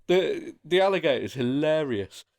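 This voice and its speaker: A man's voice: a little high, expressive, moderate pace, creaky. A man in casual podcast chat as a guest, with wry dry humour and frequent chuckles.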